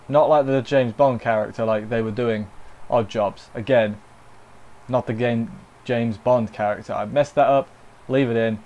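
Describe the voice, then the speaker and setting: A man's voice: mid-range voice, a little mellow, muffled recording. A man giving a casual, unscripted anime review, rambling with jokey asides and correcting himself as he goes.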